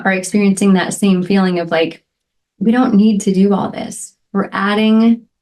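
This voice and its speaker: A middle-aged woman hosting a solo podcast, speaking in a heartfelt, reflective way and often checking in with "right?" and soft "um" fillers. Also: medium pitch. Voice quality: emotional, near tears at moments. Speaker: podcast host.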